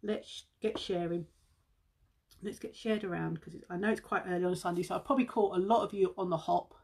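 A chatty woman from Britain hosts a casual beauty live stream, a bit out of breath. Her voice has a gravelly, husky edge. She talks to her viewers as guys and hums under her breath between tasks. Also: fairly low pitch, steady tone, fairly quick, darkish tone. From United Kingdom. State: slightly out of breath. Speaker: beauty seller livestreaming.

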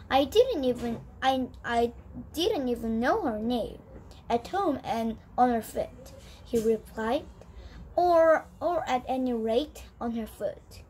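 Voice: medium pitch, a little hiss or hum, poor audio. A child whose first language is Korean, reading an English storybook aloud and practising pronunciation, often stopping to repeat and correct words. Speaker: young English learner.

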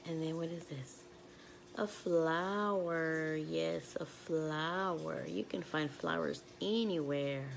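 Slow sing-song preschool teacher woman. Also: sits low, gravelly. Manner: slow, sing-song, encouraging tone with animal sounds. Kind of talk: children's video lesson.

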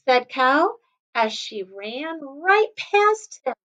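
A woman kindergarten teacher reading a picture book aloud to children, gently stopping to explain words. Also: sits high, big pitch swings, extremely slow, lo-fi sound.

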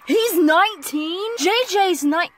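A young woman giving casual reaction commentary while watching an anime, excitable, squealing, laughing and shouting in bursts. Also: sits high, measured pace.

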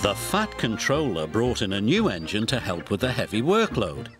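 A man with a British accent narrating a children's story in an expressive studio voice-over and doing all the characters. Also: lowish voice, moderate pace. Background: music.

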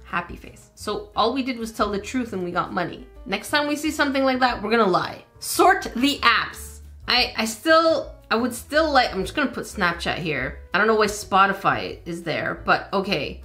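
With faint music behind her, a woman with a mid-range, pushed and bright voice hosts a let's-play video on a desk microphone. She's expressive and chatty, talking at a moderate pace with few pauses, often confused as she addresses her viewers.

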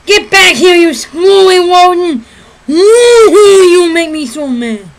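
A woman voicing a bumbling, hot-tempered male hunter who turns his r sounds into w's, high and loud. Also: expressive, takes it slowly, full character voice. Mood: exasperated. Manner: turns r into w, sputtering.

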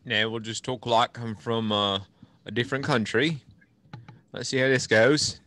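A man's voice: medium pitch, fairly even intonation, measured pace, pushed and bright. A man teaching an online class morning meeting in a playful, teasing, upbeat way.

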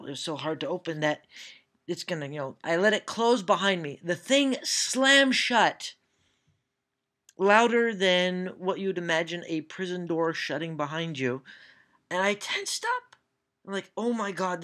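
A woman's voice: sits low, fairly bright tone. A Canadian woman with a Canadian accent, answering viewer questions in a casual vlog, rambling through anecdotes with lots of "uh" fillers and self-deprecating asides. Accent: Canadian English. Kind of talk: casual Q&A storytelling.

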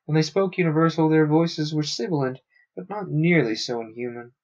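A man narrating a science fiction novel aloud on a stream, steady with small stumbles. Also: a little high, brisk. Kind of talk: audiobook-style reading. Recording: dull lo-fi sound.

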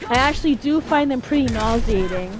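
A woman's voice: on the high side, lively intonation, brisk, over music. A woman playing a fighting game and commenting casually, frustrated and swearing constantly at the game. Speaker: gamer streaming a playthrough.

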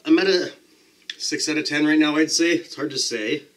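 A man's voice: a little high, normal speed, fairly bright tone. A man casually talking to the camera as a pepper-eating vlogger, chatty and self-deprecating, describing the burn as it builds.

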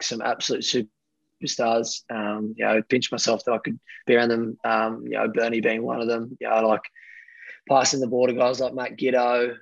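A man's voice: medium pitch, gravelly, dry recording, highs cut off. An Australian man in his thirties, a rugby player, telling stories casually with lots of fillers and acted-out quotes. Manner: rambling, animated, lots of fillers, acts out quotes. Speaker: guest, professional rugby player. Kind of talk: casual storytelling.

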